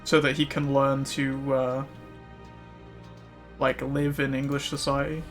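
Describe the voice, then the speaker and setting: A male streamer chats casually while gaming, his medium-pitched voice monotone and unhurried. He rambles with lots of fillers, and faint music plays in the background.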